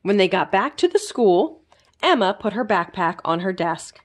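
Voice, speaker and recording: A woman librarian reading a children's chapter book aloud in an expressive storytelling manner. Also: medium pitch, moderate pace.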